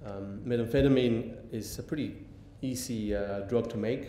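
Male lecturer, hesitant delivery, dark tone; echoey hall recording. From Mexico. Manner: halting, many ums and restarts. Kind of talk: public lecture. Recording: echoey hall, faint rumble.

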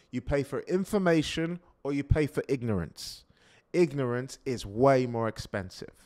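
A man preaching a sermon in an emphatic way, repeating key lines and swinging from loud declarations to hushed asides. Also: mid-range voice.

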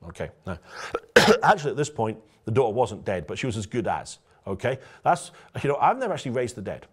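A man's voice: fairly low pitch, fast, slightly rough. A man, a pastor, preaching a conversational sermon and telling stories directly to his congregation. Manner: storytelling, lively and direct, addresses the congregation.

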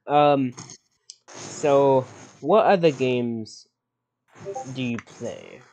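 A man voicing a fake doctor, slow, hesitant, stumbling restarts. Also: mid-range voice, a little mellow, highs cut off, slight background noise. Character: fake male doctor interviewing a patient. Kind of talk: improvised comedy role-play.

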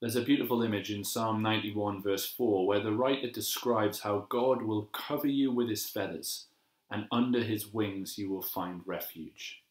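A man giving a gentle, measured devotional sermon as a pastor, slowing down to repeat key phrases. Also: on the low side, steady tone. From England. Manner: gentle, measured and reflective, with slow emphatic repetitions. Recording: echoey room.

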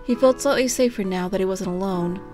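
A woman's voice: medium pitch, brisk, warm tone, faint music behind. A woman steadily reading a storybook aloud. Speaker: narrator. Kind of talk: fan fiction reading.

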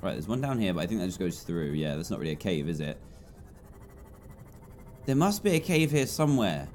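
A man's voice: big pitch swings, fairly quick, soft background music. A man in his twenties with an English accent, chatty and jumpy as he commentates his own gameplay. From England. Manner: jumpy, chatty, swings between low mutters and loud yelps. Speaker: gaming YouTuber.

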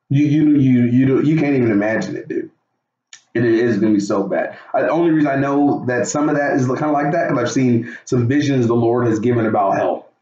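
Excitable man preaching, echoey distant sound. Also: mid-range voice, highs cut off. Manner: excitable, laughing, calls listeners dude. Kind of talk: casual devotional preaching.

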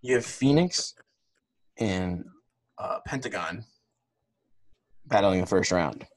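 A man with a low, husky voice talks through a podcast in loose, rambling casual chat. He trips over his words and restarts often, with plenty of fillers. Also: expressive, slow. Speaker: podcast co-host.

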